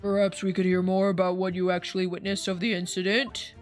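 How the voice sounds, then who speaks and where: A woman doing a flat, stiff old judge. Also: lowish voice, soft background music, natural voice. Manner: formal, measured courtroom speech.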